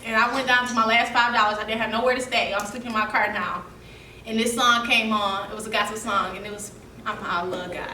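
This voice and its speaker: Animated young woman. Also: on the high side, quick pace, a little hiss or hum. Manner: emotional, laughing storytelling. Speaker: seminar speaker. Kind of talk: motivational storytelling. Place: seminar room. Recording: echoey room, mic from a distance.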